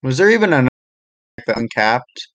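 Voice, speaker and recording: A man chatting casually about a sports league, hesitant and unhurried, with frequent ums and restarts. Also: mid-range voice, very animated, a bit bright, poor audio.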